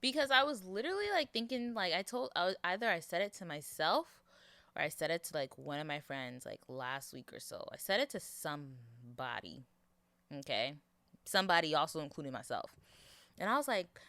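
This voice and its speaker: Young female podcast host, tired, rambling, low-pitched and bright, recorded dry and close from her bed. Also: lively intonation, fairly quick, no echo. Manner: chatty, rambling, laughs often. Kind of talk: casual solo podcast chat. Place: in bed at home. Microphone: handheld mic held close to mouth.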